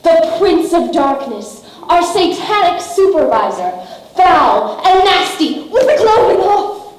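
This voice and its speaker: A young woman playing a sly, cheeky pirate sidekick with a bright, high voice that bounces around. She speaks at an unhurried pace. The sound is very roomy, with faint noise of a hall behind. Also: sing-song, heavily acted. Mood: gleeful. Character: sly male pirate henchman, cheeky and jokey. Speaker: student actor. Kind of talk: stage play performance. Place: school stage in a hall. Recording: echoey school hall.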